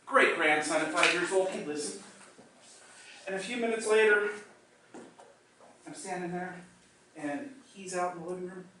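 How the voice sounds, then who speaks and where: An older man delivering a storytelling contest speech, using dramatic pauses and slowing down for emphasis. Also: high voice, heavy background noise. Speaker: contest speaker. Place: meeting room or hall. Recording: echoey hall, mic at a distance.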